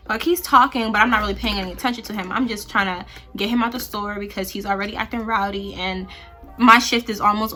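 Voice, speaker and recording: Bright-voiced young woman telling a story. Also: a little high. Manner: chatty, quotes people in her own voice. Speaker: vlogger. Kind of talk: casual storytime while doing her hair.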